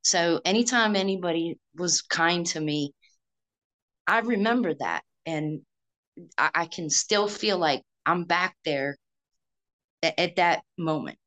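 A woman's voice: lowish voice, expressive, a little slow, a bit bright. A woman, an Army veteran, telling her story in an earnest, reflective way during a casual interview.

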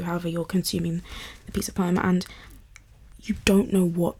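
A woman's voice: on the low side, fairly even intonation, brisk, vocal fry, dark tone, a little hiss or hum. A woman vlogger in a casual, enthusiastic and rambling chat about poetry.

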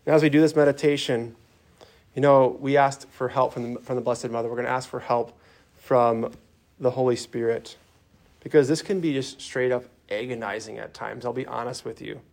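A man's voice: mid-range voice, fairly even intonation, moderate pace, vocal fry. Earnest man leading a church meditation. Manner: earnest, softens for quoted lines, some restarts. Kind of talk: sermon-style guided meditation.

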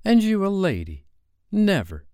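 A man's voice: medium pitch, normal speed, darkish tone, clear, resonant tone, no room sound, clean studio sound, voice pushed up, lightly acted. A man voicing a brave young boy who never grows up, speaking earnestly and faintly in a storybook reading. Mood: eager.

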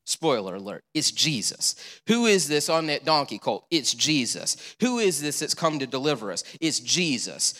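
A male pastor preaching a sermon, animated and storytelling, with rhetorical questions and repeated answers. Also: on the high side, a little slow, few pauses, in a large hall.

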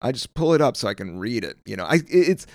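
A middle-aged American comedian hosts his own solo podcast, rambling loosely, swearing plenty, and trailing off while he searches for words. His mid-range voice is very animated, fast, creaky and darkish, captured in a dry recording.

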